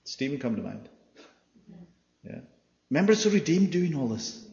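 A man preaching in a big, echoing church hall, and the sound is slightly dull. He reads scripture aloud and keeps asking the congregation questions. His voice jumps from loud to hushed. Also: on the high side, moderate pace, vocal fry. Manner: lively, asks the congregation questions, swings from loud to quiet. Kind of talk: expository sermon reading scripture.

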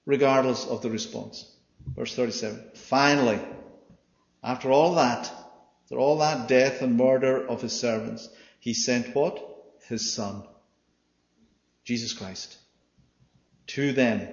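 A man preaching a sermon and reading scripture aloud. He often asks the congregation questions and swings between loud and quiet. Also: medium pitch. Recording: echoey hall, dull sound.

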